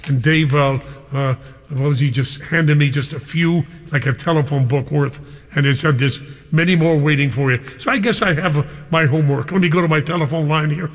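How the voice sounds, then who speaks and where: An older man in a DJ's chair, talking with bubbly, gushing excitement in a fairly high voice. He reads listener mail and chats with callers. There is a long reverb tail on his voice. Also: brisk. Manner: exuberant, effusive, reads listener emails aloud. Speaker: radio DJ host. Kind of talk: live radio show.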